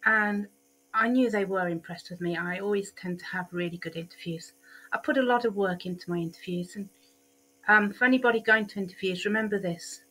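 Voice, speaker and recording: A woman's voice: mid-range voice, normal speed, pauses often, a bit bright. A middle-aged woman vlogger chatting candidly about her week, with a lot of ums and repeated words. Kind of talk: casual diary-style vlog.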